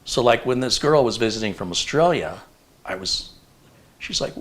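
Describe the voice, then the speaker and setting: A man in his fifties hosting a casual live chat, telling stories in an animated, rambling way with lots of fillers. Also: medium pitch, moderate pace. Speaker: host.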